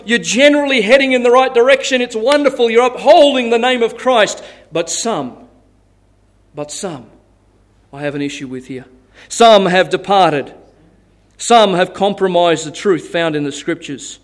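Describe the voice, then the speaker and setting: A man preaching a sermon as pastor, telling Bible stories in a lively way and laughing at his own tales. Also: sits high.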